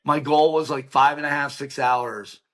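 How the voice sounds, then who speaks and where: A man's voice: fairly high pitch, moderate pace. A middle-aged man, a podcast guest, telling a personal story with energy, acting out what people said and sprinkling in "like" and "right?". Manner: animated storyteller, acts out quoted dialogue, many "like" and "right?" fillers. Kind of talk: emotional personal storytelling in an interview.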